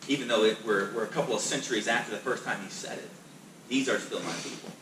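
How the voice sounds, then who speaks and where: A male pastor leads a Bible class in an emphatic, conversational way, often repeating words as he restarts a thought. He is picked up from a distance in a reverberant room, with steady noise underneath. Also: fairly low pitch, quick pace. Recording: echoey room, distant mic, noisy.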